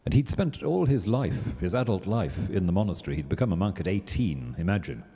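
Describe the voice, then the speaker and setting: A man speaking on a panel in a measured, reflective way. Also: deep voice, big pitch swings, dark tone. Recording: hall reverb.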